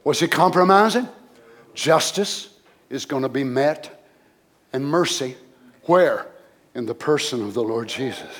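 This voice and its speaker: A man preaching a sermon, dropping to low murmurs and rising to loud shouts. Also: animated, unhurried, long pauses.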